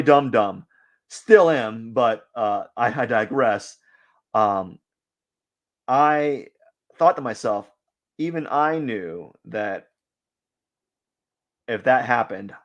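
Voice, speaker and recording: A man's voice: lowish voice, lively intonation, slow, long pauses. A man streaming his drawing session live, talking casually and rambling through a story. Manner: rambling, many restarts and fillers.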